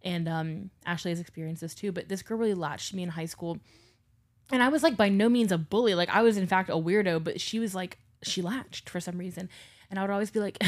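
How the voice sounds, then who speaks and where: A young woman with a somewhat low voice co-hosts a casual podcast. She tells stories with lots of energy, puts on voices for the people she quotes, and swears freely. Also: brisk. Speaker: podcast co-host. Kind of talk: casual chat.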